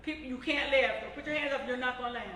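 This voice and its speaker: An older woman talks fast and animatedly, laughing as she tells her stories and acts out old conversations. Her voice sits a little high. She is picked up from a distance in a roomy, noisy space. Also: steady tone, sharp tone. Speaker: guest storyteller. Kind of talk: casual live interview storytelling.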